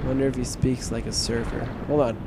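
A young man hosting a let's-play video, joking with viewers in bro slang and yelping loudly at every scare. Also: mid-range voice, fairly quick, background noise. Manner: excitable, yelps and shrieks at scares. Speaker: gaming video host.

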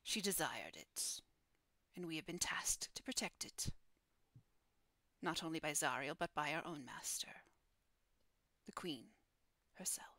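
A woman voicing a solemn female dragon guardian in a hushed, breathy whispered role-play. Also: low voice, lively intonation, measured pace, pauses often, dry recording, full character voice.

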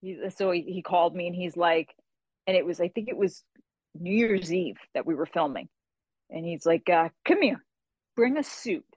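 A woman with a lowish voice recounts stories as a guest, animated and casual, slipping into other people's voices as she goes. The sound is dry and close, with no room around her. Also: moderate pace, dry recording. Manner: animated storyteller who acts out quoted voices. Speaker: guest author. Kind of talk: casual interview storytelling.

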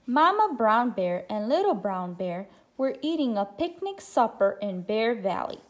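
A woman's voice: on the high side, very animated, a little slow. A woman teacher reading a picture book aloud to children, encouraging them to count along with her. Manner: encouraging, addresses listeners as friends.

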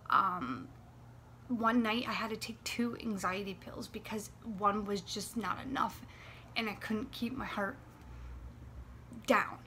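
A woman in her late twenties, talking in a personal vlog, anxious and near tears, with a dry throat, halting and often dropping to a whisper. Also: mid-range voice, pushed and bright, slight background noise. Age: 20s. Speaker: vlogger. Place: warm apartment room.

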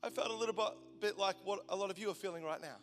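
Bright high-voiced preacher in a hall. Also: male voice, racing. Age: 40s. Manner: passionate storytelling, swinging from loud intensity to hushed tones. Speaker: pastor. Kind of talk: sermon. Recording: long hall reverb, faint music behind.

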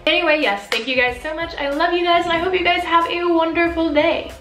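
A woman's voice: extremely high pitch, fairly even intonation, a little fast, fairly bright tone, reverberant, soft background music. A young woman vlogging casually at home, chatty and self-deprecating about her makeup. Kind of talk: casual vlog chat. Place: home room.

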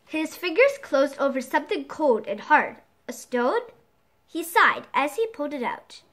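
Expressive woman storyteller, high and animated, reading a bedtime story. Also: normal speed.

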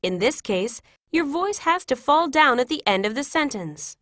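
Woman, scripted classroom phrases, higher voice with lively ups and downs, dry close sound. Measured, clear delivery. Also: no room sound. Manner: clear, measured, each phrase read separately. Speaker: English teacher reading classroom phrases.

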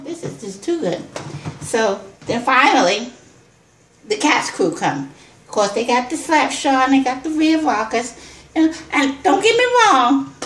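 A woman vlogger telling an excited personal story, exclaiming, repeating herself and calling her viewers y'all. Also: sits high, echoey room, slight background noise.

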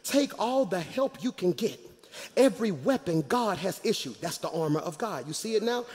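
High-voiced pastor in his forties, shouting. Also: lively intonation, normal speed, big-room sound. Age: 40s. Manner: shouting, sing-song call-and-response preaching. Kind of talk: live sermon. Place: church sanctuary with congregation.

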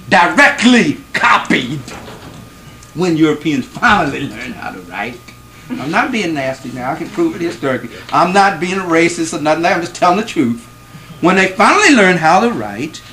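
Male lecturer, higher voice, emphatic, asks the room questions, repeats for stress. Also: fairly bright tone, low-quality recording. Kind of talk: classroom lecture to a live audience.

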